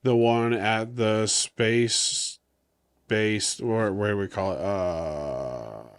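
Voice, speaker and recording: A man's voice: on the low side, very slow, clean tone, dry recording, clean studio sound. A man co-hosting a podcast, chatting casually and joking about growing up with computers. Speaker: podcast co-host. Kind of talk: casual chat.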